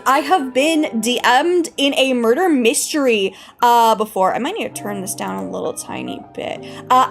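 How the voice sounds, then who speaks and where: A young woman streamer chatting casually with her live chat, bubbly and giggly, greeting viewers warmly. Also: high-pitched. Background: faint background music.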